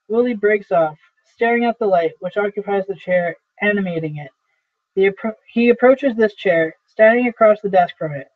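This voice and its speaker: A man reads stage directions aloud in a plain, matter-of-fact manner, his voice fairly high for a man. The sound is thin and phone-like, with a dry, close feel. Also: normal speed, no room sound. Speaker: reader of a play.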